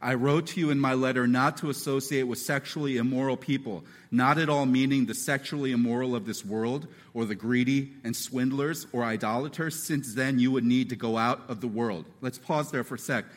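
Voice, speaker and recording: A man preaching a sermon as pastor, animated and acting out voices and quotes as he teaches. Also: medium pitch, a little fast, hardly any pauses, big-room sound.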